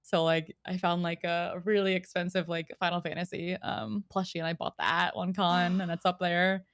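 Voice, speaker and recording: A woman's voice: on the low side, flat delivery, normal speed, dry recording, studio quality. A young woman streamer chatting casually, rambling with lots of filler "like"s and frequent giggles. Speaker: VTuber streamer and voice actor. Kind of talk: casual chat.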